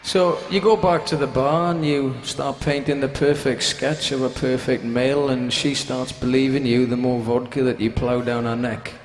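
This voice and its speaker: A man, a rock singer, telling a rambling, swear-filled story to a concert crowd between songs, sometimes shouting out to the audience, on a stage microphone. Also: mid-range voice, fairly even intonation, normal speed, few pauses, a little hiss or hum. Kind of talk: onstage anecdote between songs. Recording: live concert audio with music behind.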